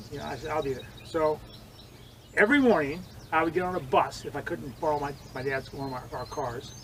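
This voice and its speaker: An older man telling vivid stories in an interview, acting out quoted lines and swinging between loud and hushed. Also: on the high side, a little hiss or hum, rough recording. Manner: animated storyteller, acts out quotes, swings loud and soft. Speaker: interviewee, former judo training partner. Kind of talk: storytelling interview.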